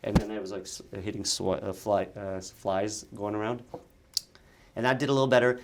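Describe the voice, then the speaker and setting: A man speaking in a fairly low register, recounting stories in a relaxed interview. His delivery is lively, with quick bursts and frequent restarts. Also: noisy background. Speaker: actor and content creator, guest. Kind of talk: casual interview chat.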